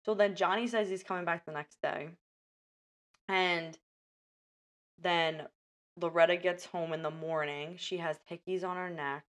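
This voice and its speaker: A woman's voice: fairly low pitch, unhurried, pauses often. A woman chatting casually as a podcast host, retelling a film scene by scene and acting out the characters' lines. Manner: animated storyteller, acts out lines. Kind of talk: casual chat recapping a film.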